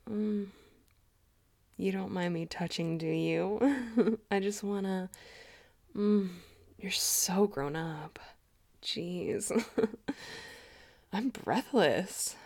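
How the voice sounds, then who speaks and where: A woman's voice: medium pitch, full character voice. A woman voicing a flirtatious, doting middle-aged mother in a whispered role-play, cooing and murmuring her lines. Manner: coos and murmurs, soft breathy asides.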